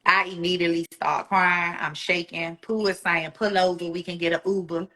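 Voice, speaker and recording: Woman, bright voice, emotional personal story, animated delivery, acts out quoted voices. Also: lowish voice, moderate pace. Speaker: guest.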